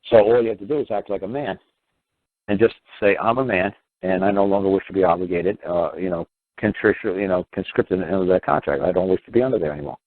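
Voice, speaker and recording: Fast-talking man on a tinny line. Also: sits low, no echo. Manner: animated, rambling, acts out both sides of exchanges, swears. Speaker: radio talk show host. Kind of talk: call-in radio advice talk. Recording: tinny phone-line sound.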